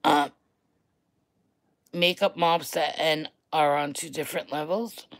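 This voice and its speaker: A woman with a New York accent ranting on a livestream to her viewers, loud and blunt, repeating herself for emphasis and swearing. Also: low-pitched, fairly even intonation, takes it slowly, low-quality recording. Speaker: online creator.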